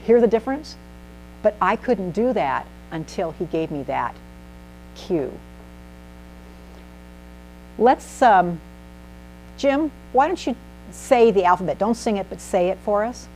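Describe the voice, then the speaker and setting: A woman giving an animated, emphatic presentation to a small group in a meeting room, asking the audience questions as she teaches. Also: medium pitch, measured pace, pauses often, slight background noise, low-quality recording. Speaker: speaker at a speaking club. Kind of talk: instructive presentation.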